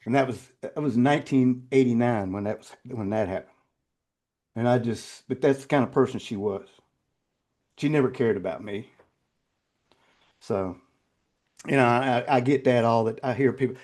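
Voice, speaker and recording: An older man recounts personal memories as an interview guest. His voice is mellow and warm, sitting at a middling pitch. He halts, repeats words and restarts, and turns quiet and choked when the stories get emotional. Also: moderate pace, long pauses.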